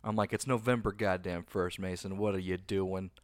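A man's voice: low-pitched, steady tone, normal speed, no echo, clean studio sound. A man co-hosting a casual podcast, trading laid-back banter and casual swearing, with a slightly sick throat. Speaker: podcast co-host. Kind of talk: casual chat.

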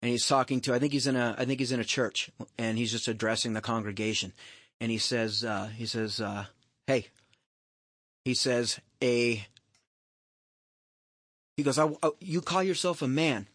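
A man's voice: medium pitch, steady tone, moderate pace, long pauses, a bit bright, no echo, clean studio sound. A middle-aged man telling a personal story on a podcast, candid and rambling, swearing freely and restarting his sentences. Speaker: podcast host. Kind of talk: casual storytelling chat.

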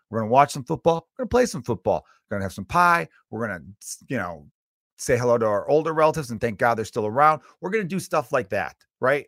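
A man's voice: mid-range voice, fairly bright tone, dry recording. Profane ranting man, dry sound. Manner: loose, rambling with many fillers. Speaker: podcast host. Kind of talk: solo podcast rant.

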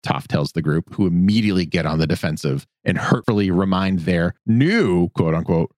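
Male podcast co-host, low and animated, dry close mic, playful recapper. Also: dry recording. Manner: animated, puts on silly voices for characters. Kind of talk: casual recap chat.

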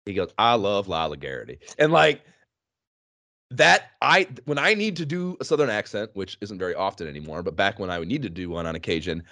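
Male podcast co-host, deep, expressive delivery, dry sound. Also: brisk, dry recording. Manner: animated, laughing, swearing freely. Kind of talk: casual gaming chat.

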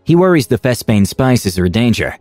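A man voicing a polite, earnest male adventurer who speaks in a measured, respectful way. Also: medium pitch, very animated, a little mellow, no room sound, soft background music, close to an everyday voice.

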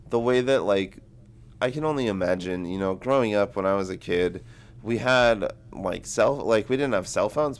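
A man in his twenties co-hosting a book podcast, rambling casually with lots of filler words. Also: lowish voice. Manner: rambling, heavy use of "like". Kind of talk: casual chat.

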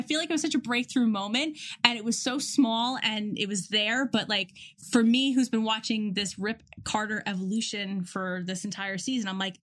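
A woman's voice: medium pitch, moderate pace, few pauses. Chatty woman recapping a TV episode. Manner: chatty, animated retelling with many restarts. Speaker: podcast co-host. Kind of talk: casual TV recap chat.

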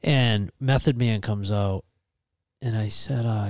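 A man, telling a wild anecdote in an animated, profane, casual chat. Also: fairly low pitch, a little slow, dry recording, clean studio sound.

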